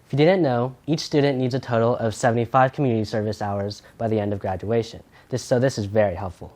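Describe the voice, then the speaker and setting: A teenage boy in his third year of high school, anchoring a school news show in a friendly, chatty way. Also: steady tone, fast, a little mellow. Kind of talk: scripted school news reading.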